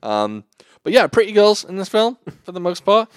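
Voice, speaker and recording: A man's voice: high-pitched, big pitch swings, normal speed, clean tone, no room sound, clean studio sound. A young man co-hosting a casual film review podcast, rambling and swearing with frequent laughs. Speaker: podcast co-host.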